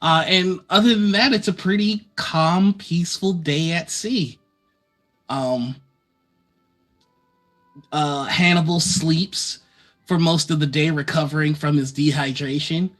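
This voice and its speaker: A man running a tabletop game as game master, narrating in a relaxed way and laughing often. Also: on the high side, slow pace, pauses often, faint music behind. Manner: relaxed, laughing, many uh fillers.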